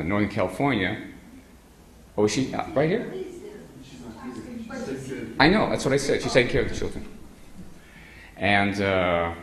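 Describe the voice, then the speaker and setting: Low-voiced man telling stories in a roomy hall. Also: slight background noise. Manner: rambling anecdotal delivery, frequent hesitant fillers. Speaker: guest speaker. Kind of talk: humorous storytelling talk to a live audience. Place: meeting hall with an audience. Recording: roomy hall sound with faint ambience.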